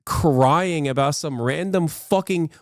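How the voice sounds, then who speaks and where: A man's voice: on the high side, slow pace, no echo, clean studio sound. Exasperated, foul-mouthed male streamer. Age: 30s. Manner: exasperated, profane, incredulous rants. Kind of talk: reacting to clips on a livestream.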